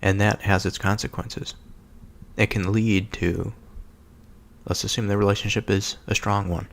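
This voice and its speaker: A man giving a slow, halting contemplative reflection on a scripture reading, pausing often and thinking aloud as he goes. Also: lowish voice, level tone, creaky. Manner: slow, halting, with many pauses and fillers. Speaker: solo speaker reflecting on scripture.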